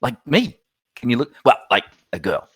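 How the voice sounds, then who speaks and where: A man's voice: medium pitch, wildly swooping pitch, normal speed, a bit bright, breathy edge. A man playing a tabletop game, persuasive and chuckling as he talks. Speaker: player. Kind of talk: in-character tabletop play.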